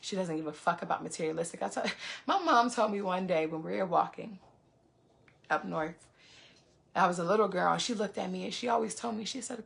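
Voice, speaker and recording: A woman's voice: on the low side, a little fast, vocal fry, a bit bright. A woman vlogger venting to her viewers in heated casual talk, cursing freely and repeating phrases for emphasis.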